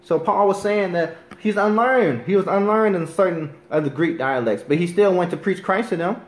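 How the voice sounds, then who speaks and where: A man delivers a Bible lesson in a somewhat high voice, earnest and insistent. He reads scripture slowly and deliberately, checking in with "you understand?" as he goes. The sound bounces around an echoey room. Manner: keeps asking "you understand?". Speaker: bible teacher. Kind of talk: scripture teaching.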